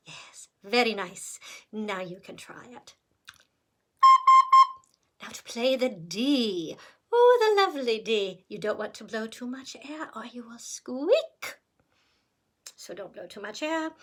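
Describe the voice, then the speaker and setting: A woman music teacher giving a recorder lesson with patient, encouraging step-by-step instructions. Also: on the high side.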